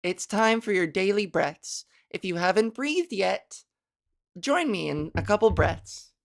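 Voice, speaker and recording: A woman hosting a casual solo podcast, rambling and self-mocking, laughing at her own jokes while working on a softer voice. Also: medium pitch, expressive, measured pace, vocal fry. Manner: practicing a softer voice with resonance and inflection. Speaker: podcast host. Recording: fan blowing near the microphone.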